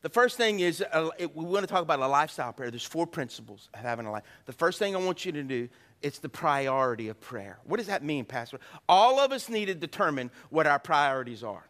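Middle-aged pastor, male, high bright voice, folksy joking sermon with call-and-response. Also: big pitch swings, a little fast, few pauses.

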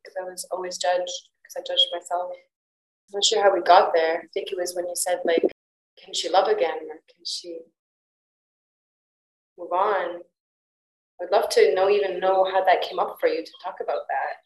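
A woman's voice: on the low side, steady tone, moderate pace, pauses often. A woman hosting a podcast, telling personal stories in a candid, open way and often saying "like". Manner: candid, open storytelling with frequent "like". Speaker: podcast host. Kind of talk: casual podcast conversation. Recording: roomy echo.

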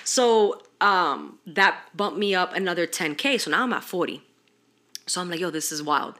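A young woman hosting a podcast tells stories in casual chat, animated, slangy, and heavy on swearing. Her voice is lowish and her pace moderate.

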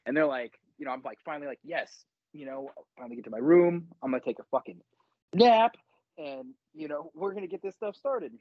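A young man with a slightly high voice tells stories in a casual podcast, lively and animated, jumping into loud acted-out quotes. The sound is dull and dry, with no room to it. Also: fairly quick, no echo. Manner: animated storytelling, acts out shouted quotes. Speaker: podcast co-host. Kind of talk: casual chat.

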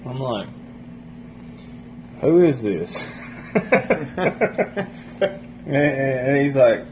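A man's voice: mid-range voice, animated, extremely slow, pauses often, a little mellow, a little hiss or hum, rough recording. A man casually telling a rambling, profane story among friends. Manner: rambling, profane, laughs while telling stories.

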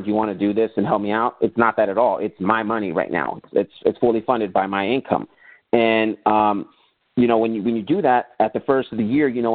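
A quick-speaking man with a fairly low voice tells stories as a podcast guest, acting out past conversations as he goes. The sound is tinny and narrow like a phone line, and it is dry with no room echo. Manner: animated storyteller who acts out remembered conversations. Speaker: podcast guest, business owner. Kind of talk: casual interview storytelling.

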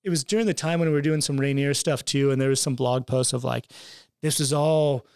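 Man, gravelly, slightly high voice, casual podcast guest, swears freely, dry close sound. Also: steady tone, brisk, darkish tone, dry recording. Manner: laid-back, swears freely, laughs often. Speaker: podcast guest, graphic designer.

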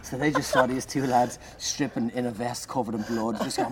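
A man, a comedian, telling an animated anecdote in conversation, swearing and shouting out the lines he acts. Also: mid-range voice, normal speed, few pauses, a crowd in the background. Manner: animated, swearing, loud acted-out bursts. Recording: noisy background.

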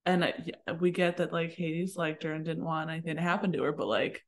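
A woman co-hosting a casual book podcast, jokey and animated, laughing often. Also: sits low, a little fast. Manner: jokey, animated, coins silly phrases and laughs. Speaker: podcast co-host. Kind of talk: casual chat.

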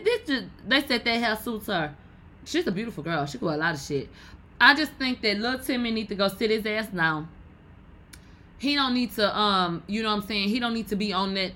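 Bright-voiced, blunt, profane woman host. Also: medium pitch, low-quality recording. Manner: blunt, profane, loud and animated. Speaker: podcast host. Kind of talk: casual gossip commentary.

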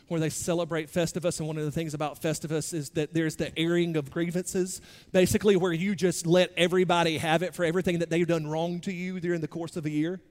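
A man pastor delivering a sermon in a relaxed, conversational way, often poking fun at himself. His voice sits high for a man, and his loudness keeps shifting between soft asides and louder bursts. A long reverb trails his words around a large hall. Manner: conversational, self-deprecating preaching with shifting loudness.

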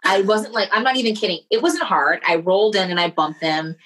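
A middle-aged woman in casual conversation, telling a personal story in an animated way and acting out the voices of the people in it. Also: mid-range voice, brisk, low-quality recording. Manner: animated, acts out quoted voices.

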